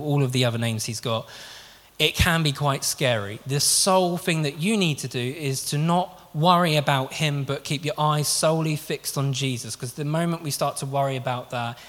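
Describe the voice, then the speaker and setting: A man preaches in an earnest, conversational way, stumbling over a word now and then and circling back to restart his thought. His voice sits a little higher than most men's. The long reverb tail of a large hall trails after each phrase. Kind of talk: sermon.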